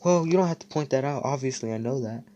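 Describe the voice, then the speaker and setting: A proud young girl mage, snippy and defensive, as a man puts her on in his own low voice. It has the feel of a casually told fan story. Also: normal speed, darkish tone, lo-fi sound, a little hiss or hum, lightly acted.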